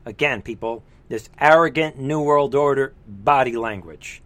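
A man's voice: medium pitch, measured pace, a bit bright, dry recording. A man hosting a live reaction commentary show, heated and scornful, with mocking asides. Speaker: political commentary host.

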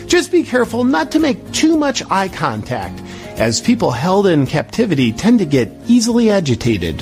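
A man reading a satirical mock travel ad in a deadpan, sarcastic manner. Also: a little high.

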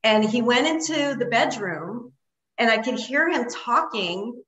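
A woman's voice: a little high, expressive, a little slow, fairly bright tone, roomy sound, lo-fi sound. A woman guest telling a story in casual conversation, rambling with lots of fillers. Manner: rambling, many fillers like "like" and "you know". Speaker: interview guest.

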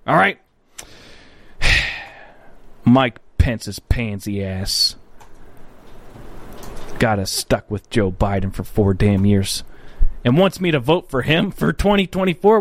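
A man's voice: mid-range voice, animated, slow, long pauses, no room sound. A man hosting a political commentary livestream. He talks bluntly and profanely, rambles, corrects himself often and answers viewer chat.

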